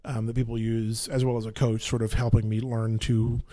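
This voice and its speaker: A man's voice: mid-range voice, level tone, moderate pace, mellow. A young man from Texas chatting casually, stammering and restarting, now and then trying out a Brooklyn accent.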